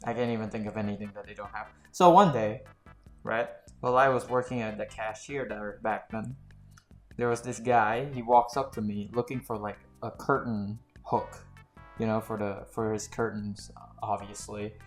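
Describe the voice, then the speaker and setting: A man's voice: on the low side, fairly even intonation, moderate pace. A young man tells job stories in a loose, exasperated rant. He swears freely, and his voice keeps climbing into heated outbursts. The room is echoey, with faint music underneath. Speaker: storytime vlogger. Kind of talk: casual storytelling rant. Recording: roomy echo with faint music.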